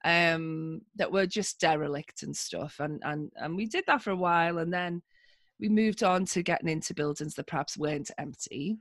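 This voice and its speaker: A woman with a Liverpool accent tells stories in a loose, chatty way, laughing often and dropping in plenty of ums. Her voice sits fairly low for a woman, and the sound is close and dry. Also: normal speed, no room sound. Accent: Liverpool (Scouse). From Liverpool, England. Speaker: podcast guest, social engineer. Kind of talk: casual interview storytelling.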